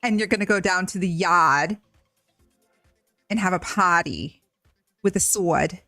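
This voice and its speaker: A woman's voice: fairly low pitch, a little slow, no echo, clean studio sound, faint music behind, pitched below the performer's own voice. Woman doing a bossy woman leader, put-on Boston accent. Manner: bossy, deadpan, rambling slang. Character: stern commanding older woman leader. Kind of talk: improvised comic scene reading.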